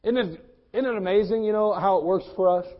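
A middle-aged man preaching a sermon in a church as pastor, swinging from fervent shouts to hushed, intimate tones. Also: high-pitched, fairly quick. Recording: dull lo-fi sermon recording.

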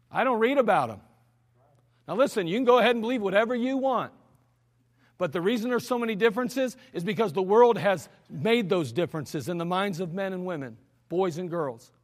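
A man's voice: high-pitched, lively intonation, moderate pace, long reverb tail. A man preaching a sermon as pastor, blunt and exhorting, scolding his listeners directly.

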